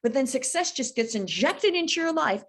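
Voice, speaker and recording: A woman in her fifties speaks as a guest on an interview podcast, coaching with energy and emphasis. Her fairly high voice swoops up and down with lively intonation as she pushes each point home. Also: normal speed. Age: 50s. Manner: energetic, emphatic, animated storytelling.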